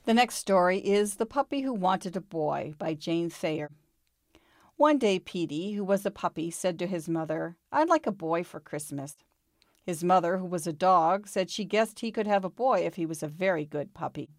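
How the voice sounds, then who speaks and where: A woman reading a children's storybook aloud in a calm, expressive way. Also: fairly low pitch, normal speed, no room sound, studio quality.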